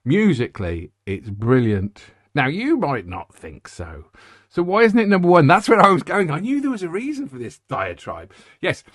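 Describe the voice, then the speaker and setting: A man's voice: on the high side, wildly swooping pitch, normal speed, a bit bright, no echo, studio quality. A middle-aged man hosting a music show, rambling, joking and interrupting himself. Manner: rambling, jokey, self-interrupting. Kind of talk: casual chat.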